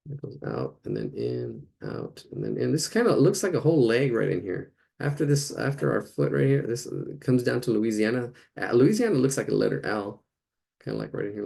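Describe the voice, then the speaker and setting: A man talking casually to himself as he draws during a class practice, rambling and chuckling in quiet asides. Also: fairly low pitch, creaky, slightly rough. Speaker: drawing instructor. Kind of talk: casual narration while drawing.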